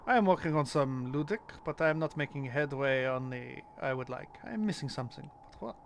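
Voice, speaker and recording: A man's voice: mid-range voice, lively intonation, a little fast, creaky, a little hiss or hum. A man voicing a formal, earnest French investigator with a put-on French accent, reading game dialogue. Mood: puzzled. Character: earnest male French investigator gathering data.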